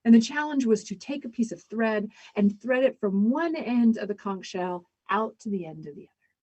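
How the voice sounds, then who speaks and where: A woman storyteller performing live, with a measured pace and dramatic pauses. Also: fairly high pitch, expressive, a little mellow.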